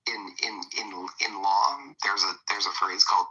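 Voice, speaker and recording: A man in casual chat who also reads a storybook aloud, talking haltingly with repeated restarts. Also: on the low side, little pitch movement, sharp tone, low-quality recording.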